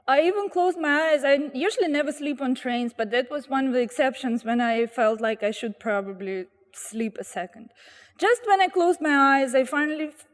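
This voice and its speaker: A woman tells lively anecdotes outdoors by a street corner, slipping into the voices of the people in her stories. Her voice sits high, and a long reverb trails behind it. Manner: animated, acts out quoted voices. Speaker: storyteller guest. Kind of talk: anecdotal storytelling.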